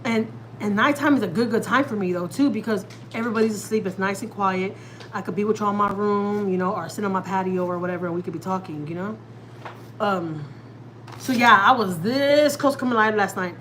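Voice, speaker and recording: A woman's voice: mid-range voice, a little fast, fairly bright tone, a little hiss or hum, rough recording. A woman, chatting casually and at length with viewers on a live stream from home. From Texas, USA. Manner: chatty and rambling, talks straight to viewers. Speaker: family vlogger hosting a live stream.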